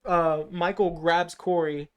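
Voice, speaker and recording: A man with a smooth voice on the high side co-hosts a podcast, speaking slowly with fairly even intonation. He rambles through a loose retelling of a film plot, using lots of fillers.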